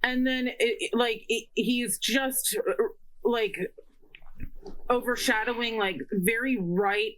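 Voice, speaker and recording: Slow-talking woman, halting and exasperated. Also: fairly high pitch, a bit bright, rough recording. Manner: halting, full of fillers and restarts; exasperated ranting. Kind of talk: casual political chat.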